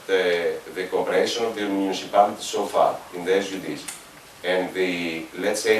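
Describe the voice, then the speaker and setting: A man from Greece with a Greek accent, giving a conference presentation as a regional official, halting with fillers and self-corrections. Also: on the low side, roomy sound, far from the mic, a little hiss or hum, rough recording. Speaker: regional managing authority official.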